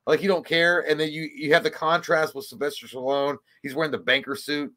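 A man's voice: fairly high pitch, fairly even intonation, a little fast, sharp tone. A man co-hosting a casual movie chat, joking and crude, rambling into long bits. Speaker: podcast co-host.

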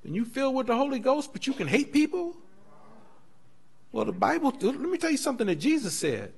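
A man, a pastor, teaching a Bible class in a lively preaching style, telling stories and acting out quoted voices. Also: very high-pitched, a little fast, creaky, breathy edge. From United States. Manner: animated preaching with storytelling, laughing asides; acts out quoted voices in dialogue.

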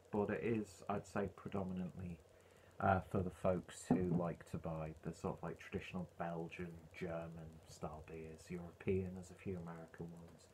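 A man's voice: low-pitched, noisy background. A man reviewing a beer in a casual, rambling way, full of ums and uhs.

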